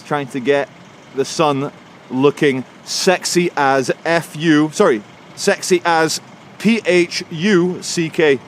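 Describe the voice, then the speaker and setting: A man from England walking through a city with a handheld camera and chatting sardonically about the buildings. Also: a little high. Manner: chatty, sardonic, mocking asides. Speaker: vlogger. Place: outdoors on city streets. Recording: outdoor street noise with traffic.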